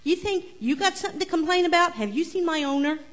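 A put-upon donkey griping indignantly as a woman puts him on in a church children's story. The voice sits high and strained, full of exasperated outrage. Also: animated, quick pace, fairly bright tone. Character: sore-backed grumbling donkey.

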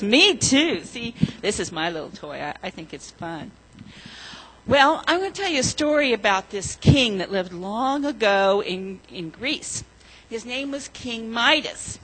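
A woman leading a children's sermon, telling a story gently and asking the children questions. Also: mid-range voice, very animated, slow pace, breathy edge, poor audio.

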